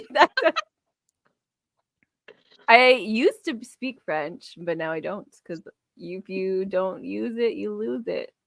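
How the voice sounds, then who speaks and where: A woman's voice: mid-range voice, animated, slow pace, creaky, pauses often, dry recording. A woman co-hosting a casual podcast, rambling and laughing at herself. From Canada. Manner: laughs a lot, rambling, self-deprecating. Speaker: podcast co-host. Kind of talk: casual chat.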